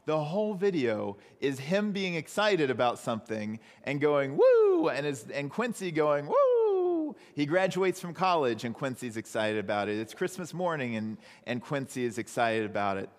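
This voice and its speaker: Man, pastor, conversational sermon, animated storytelling, lots of ups and downs in pitch, long echo from a church hall. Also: moderate pace, few pauses.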